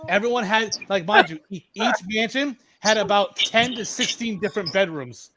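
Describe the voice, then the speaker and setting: A high-pitched man in his thirties, originally from Massachusetts, chatting over a headset mic. He tells loose, rambling stories, swears freely, and circles back to repeat himself. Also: normal speed, sharp tone, slight background noise. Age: 30s. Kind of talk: casual voice chat storytelling.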